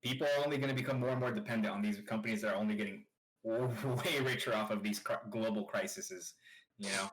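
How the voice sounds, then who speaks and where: A man co-hosting a podcast, chatting casually and profanely in an animated, rambling way. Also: fairly low pitch, fairly quick, low-quality recording. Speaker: podcast co-host.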